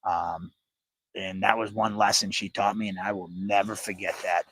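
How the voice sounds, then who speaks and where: A man in his forties telling a story on a casual panel show, animated and swearing freely. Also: on the low side, moderate pace, slightly rough. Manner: animated, swears freely, acts out quoted voices.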